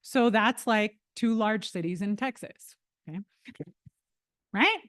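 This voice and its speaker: Woman giving a talk to a room, lively, keeps asking "right?", dry close sound. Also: medium pitch, slow, no room sound. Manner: lively, talks straight to the room with frequent tag questions. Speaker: presenter. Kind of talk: lecture to a live audience.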